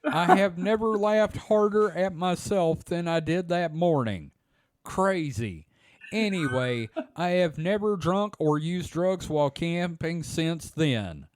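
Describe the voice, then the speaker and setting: Animated Southern man with lively pitch. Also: takes it slowly, dry recording. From southern United States. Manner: animated, joking. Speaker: podcast host. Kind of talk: casual chat, reading a story aloud.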